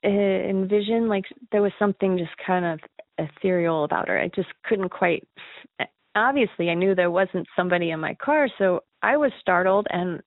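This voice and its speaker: A caller with a mid-range voice earnestly and emotionally recounts her own ghost encounter, laughing nervously at times. The phone line is tinny and dry, with no echo.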